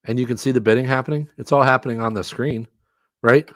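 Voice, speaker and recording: A middle-aged man hosts a live stream, commentating on a fantasy football auction in a mid-range voice. He is excitable and self-mocking, laughing often at himself, and the recording is dry and studio quality.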